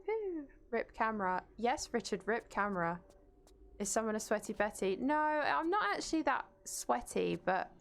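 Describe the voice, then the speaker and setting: A woman's voice: lowish voice, gravelly. A woman streaming a game from home without a webcam, chatting casually and reading out and greeting her viewers. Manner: chatty, greets viewers and reads chat aloud. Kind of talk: casual live-stream chat while gaming. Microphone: desk mic, no webcam.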